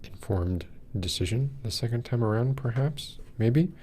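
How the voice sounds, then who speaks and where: A man's voice: mid-range voice, animated, moderate pace, warm tone. A man hosting a podcast livestream, rambling with many fillers as he greets people in the chat and then reads a short text aloud. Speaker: podcast host. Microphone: wears in-ear monitors.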